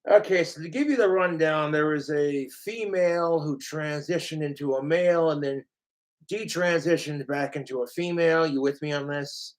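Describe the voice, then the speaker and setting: A man hosting a comedy video in rambling, deadpan banter. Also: on the high side, normal speed.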